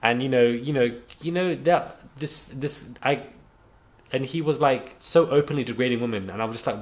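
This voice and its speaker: On a rainy day at home, a young YouTube commentator rants to the camera in a medium-pitched voice at a quick pace. He's frank and indignant, rambling and restarting, and mentions his own stutter.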